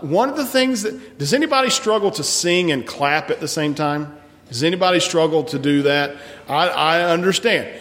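A man's voice: a little high, fairly bright tone. A man who leads a church service, folksy and encouraging, often restarting his sentences. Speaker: pastor leading a church service. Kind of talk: church announcements and congregational song leading. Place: large church sanctuary. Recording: long hall reverb from a sanctuary.

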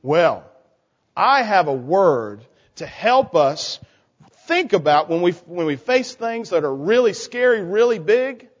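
A man's voice: high-pitched, big pitch swings, slow pace. A man leading a children's sermon in a church, coaxing the kids with questions. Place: church sanctuary. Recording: church hall reverb, dull lo-fi sound.

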